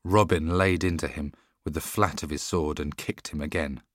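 A deep-voiced male audiobook narrator reads a storybook script in a measured, steady manner. The recording is dry with clean studio sound.

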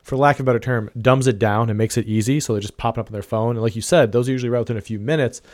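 Fast-talking enthusiastic man host. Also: medium pitch, fairly even intonation, darkish tone, dry recording, studio quality. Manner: quick, enthusiastic, chatty. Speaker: podcast host. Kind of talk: casual interview chat.

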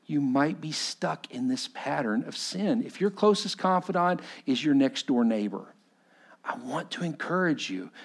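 A male pastor preaching a sermon in an impassioned storytelling style that swells loud and drops to quiet. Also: medium pitch.

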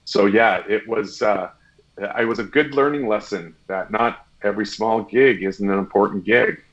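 A man's voice: on the low side, normal speed, muffled recording. A man, an actor, chatting as a guest in an interview and acting out the dialogue in his stories. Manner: animated storyteller, acts out quoted dialogue. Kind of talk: casual interview chat.

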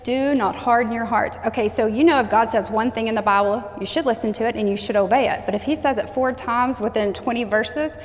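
Woman preaching, kinda high voice, has everyone repeat lines back, big echoey hall. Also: brisk, hardly any pauses. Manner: call-and-response preaching, stressing repeated phrases. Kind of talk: sermon. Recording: long hall reverb.

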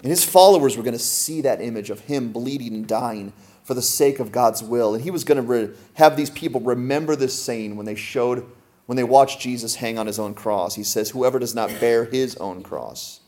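A man preaching to a congregation in a church, his voice sitting at an ordinary middle pitch. He speaks emphatically and keeps putting questions to the people in front of him. It sounds like a pastor delivering a full sermon. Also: normal speed, darkish tone. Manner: emphatic, asks the congregation many rhetorical questions.

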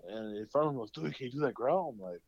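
A man's voice: mid-range voice, expressive, fast talker, darkish tone, no echo. Man, rambling storyteller, swears a lot, muffled dry sound. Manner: rambling storyteller, heavy swearing, acts out quotes. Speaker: podcast co-host. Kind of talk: casual chat.

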